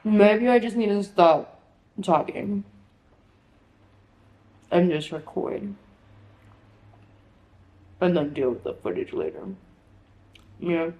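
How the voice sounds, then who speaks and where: A woman's voice: fairly low pitch, animated, slow pace, pauses often, a little mellow. A young woman in her twenties rambling in a casual vlog at home, scattered and frantic, swearing and filling with "like". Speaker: vlogger. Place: apartment. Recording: echoey room with faint noise.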